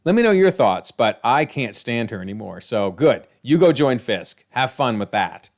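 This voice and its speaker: A man hosting a video, recapping a TV episode in an animated, exclaiming way. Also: mid-range voice, normal speed. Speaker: video host.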